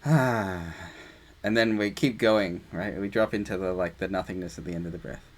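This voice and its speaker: Easygoing man guiding group meditation over a call, lower voice, casual and playful. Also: moderate pace, a little hiss or hum. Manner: relaxed, casual, chatty with playful asides. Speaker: meditation teacher leading a group. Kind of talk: guided meditation discussion.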